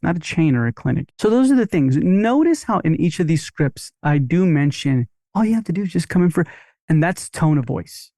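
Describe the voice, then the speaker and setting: A man's voice: fairly high pitch, mellow, no room sound, clean studio sound. A man teaching dental marketing on a podcast, in a punchy, upbeat coaching manner.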